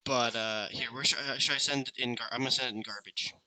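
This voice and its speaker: Young man, casual rambling chat, very bright voice, headset mic. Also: medium pitch, steady tone, quick pace, no echo, poor audio. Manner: rambling, laughing, crude jokes. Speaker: stream co-host.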